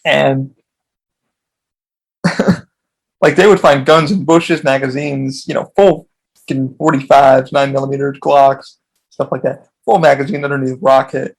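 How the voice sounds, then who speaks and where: Gravelly, rambling man. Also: medium pitch, steady tone, a little slow, long pauses, low-quality recording. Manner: profane, rambling, with frequent restarts. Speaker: podcast host. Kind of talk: rambling casual storytelling.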